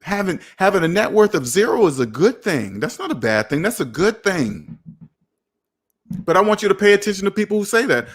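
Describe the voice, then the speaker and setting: An emphatic man hosts a personal finance show. He reacts to viewer comments in a preachy way and breaks into sudden excited whoops. His voice sits a little high for a man. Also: brisk, husky.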